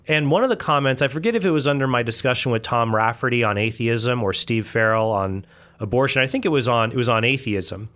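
A man hosting a podcast, chatting casually with a guest and joking in quick asides. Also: medium pitch, a bit bright. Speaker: podcast host. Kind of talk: casual interview chat.

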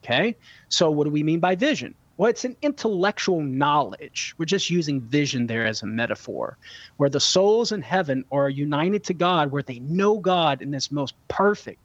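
A man with a slightly high voice explains theology to callers in an earnest, teaching way, leaning on repeated words for emphasis. The sound is dry and close, a little dull and lo-fi. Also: lively intonation, normal speed, dry recording. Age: young adult to middle-aged, a father. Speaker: guest theologian answering callers. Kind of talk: call-in radio show Q&A.

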